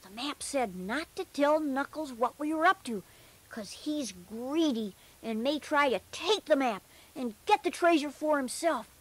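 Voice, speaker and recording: This is children's storybook narration by a cheerful young male bear, whose high voice is expressive and unhurried. He tells the story gently and earnestly.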